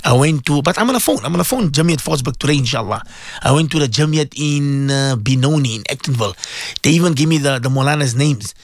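A Muslim cleric hosting a radio show talks with passion, firing repeated rhetorical questions at his listeners. He has a medium-pitched, expressive voice and speaks quickly. The recording is dry.

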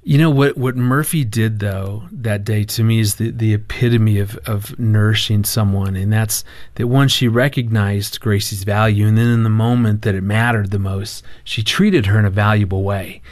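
A man's voice: fairly low pitch, steady tone, normal speed, hardly any pauses. A man, a marriage counselor appearing as a guest, telling a family story in conversation. He stops and starts, repeats his words and acts out the lines he quotes.

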